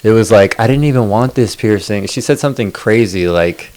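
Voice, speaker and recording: Low-voiced man telling a rambling story. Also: brisk, a little mellow. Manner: rambling, profane, lots of fillers. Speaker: podcast co-host. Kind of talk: casual storytelling chat.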